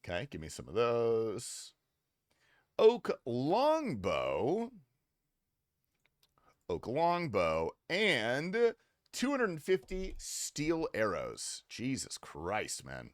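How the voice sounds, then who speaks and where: A man's voice: medium pitch, huge pitch swings, very slow, dry recording. A young adult man streaming a game, talking casually with loose, profane, teasing banter to his chat on a close desk mic. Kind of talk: casual gaming livestream commentary.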